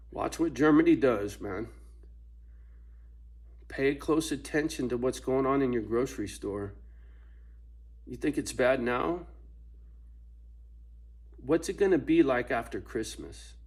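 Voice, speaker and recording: A man's voice: mid-range voice, a little mellow, slightly rough. A man ranting casually to camera at home, profane and laughing often between points. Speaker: vlogger. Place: at home with his dog.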